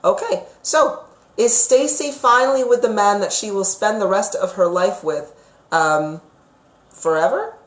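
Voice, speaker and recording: A woman's voice: medium pitch, unhurried. A woman giving psychic readings on a live stream, chatty and emphatic, sometimes ranting. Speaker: psychic reader. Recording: echoey room.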